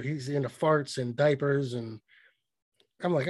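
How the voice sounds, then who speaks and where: A man's voice: mid-range voice, fairly even intonation, measured pace, no echo. A man co-hosting a podcast, telling a rambling, profane story in casual chat. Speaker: podcast co-host.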